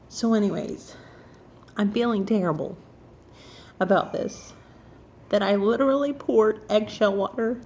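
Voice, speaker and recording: A woman telling a story casually, acting out other people's lines in an animated and self-mocking way. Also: mid-range voice, a little slow, long pauses, slight background noise.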